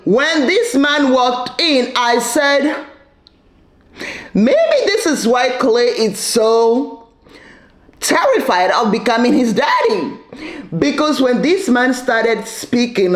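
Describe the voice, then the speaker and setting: A woman giving casual, sassy commentary recapping a reality show, with playful asides and frequent laughter. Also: on the high side. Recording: echoey room.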